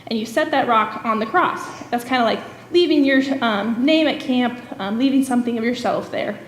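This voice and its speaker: A woman's voice: fairly high pitch, moderate pace, a little hiss or hum. A woman, a camp director and guest speaker, giving a church message as earnest storytelling full of "um" fillers. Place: church sanctuary. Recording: echoey church hall with long reverb.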